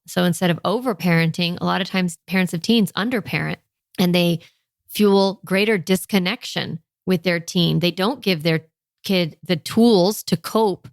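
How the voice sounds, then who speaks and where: A woman in her thirties coaching parents in a lively, energetic way, often acting out a parent's inner thoughts and checking in with "okay?". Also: lowish voice, dry recording, clean studio sound.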